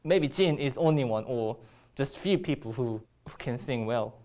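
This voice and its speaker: A woman's voice: very deep voice, animated, normal speed, dark tone. A woman with a Korean accent teaching a Korean grammar lesson in English, explaining step by step with frequent ums and restarts.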